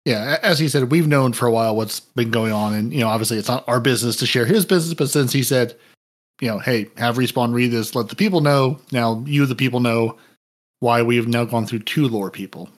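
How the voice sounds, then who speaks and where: A man's voice: medium pitch, fairly quick. A man hosting a gaming podcast in casual chat, rambling and joking as he thanks supporters. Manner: rambling, jokey. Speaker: podcast host.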